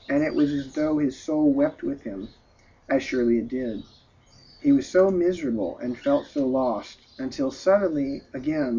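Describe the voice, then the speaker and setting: Husky man reading a story aloud. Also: medium pitch, dark tone. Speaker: story reader. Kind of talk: storybook narration. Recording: dull lo-fi recording.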